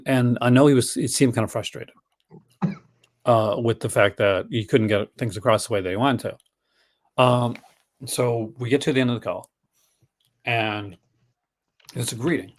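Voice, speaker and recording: A talkative man from Newfoundland hosts a relaxed livestream, his accent a blend of general Canadian and Newfoundland sounds. His pitch sits in an ordinary middle range, and he laughs often while he retells stories and acts out the people in them. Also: moderate pace, long pauses. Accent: mixed Canadian and Newfoundland. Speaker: host. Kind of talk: casual livestream chat.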